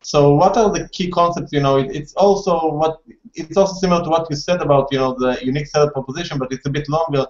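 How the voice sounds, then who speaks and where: A man's voice: fairly high pitch, fairly even intonation, quick pace. Interviewer guy rambling into his questions, roomy echo, dull sound. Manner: asks long winding questions. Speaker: interviewer, host. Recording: echoey muffled room sound.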